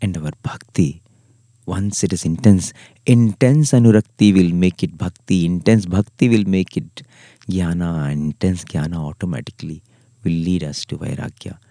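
A man with an Indian English accent, hosting a devotional podcast talk in an earnest, storytelling way, often trailing off softly. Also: low voice, moderate pace, no echo, clean studio sound. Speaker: spiritual podcast host.

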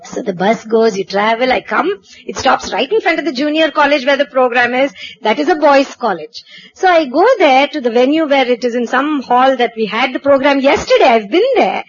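A woman from India, telling a personal anecdote in a lively way, acting out dialogue and laughing at herself. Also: high voice, normal speed, muffled recording. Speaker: storyteller. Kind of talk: personal anecdote told to an audience.

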